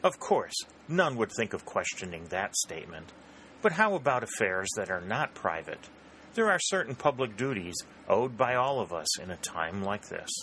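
A man reading the part of a smooth, bland male government secretary who speaks in even, silky tones. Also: lowish voice, normal speed, slight background noise.

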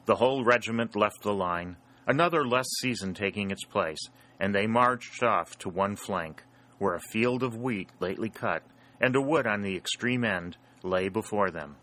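A man reading an adventure story aloud as its narrator, in a steady, dramatic storytelling manner. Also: lowish voice, moderate pace. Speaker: audiobook narrator. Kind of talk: scripted narration.

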